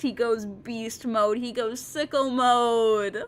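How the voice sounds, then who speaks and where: A young woman streaming a game, reacting excitably and rambling with stammers. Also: on the high side, takes it slowly, pauses often, soft background music.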